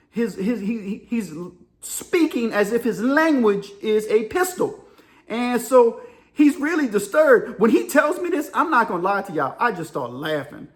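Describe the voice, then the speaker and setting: A man's voice: high-pitched, lively intonation, a little slow. A middle-aged man telling a story in a casual monologue, acting out voices and sound effects and laughing often. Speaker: storyteller and channel host.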